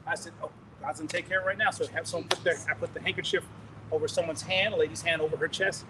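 A man preaching, telling a testimony in an animated, rambling way with laughs and restarts. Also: fairly high pitch, racing, background noise. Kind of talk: sermon testimony storytelling.

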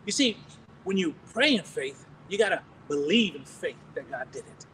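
A high-voiced American man preaching, spinning animated stories with chuckles and restarted phrases. He sounds a little distant from the microphone, and faint background noise sits under his words. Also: normal speed. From United States. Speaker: pastor. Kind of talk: storytelling sermon testimony.

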